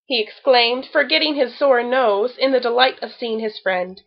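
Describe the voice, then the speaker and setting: A woman reading a children's story aloud with expressive storytelling. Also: fairly high pitch, moderate pace, lo-fi sound. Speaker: storybook reader.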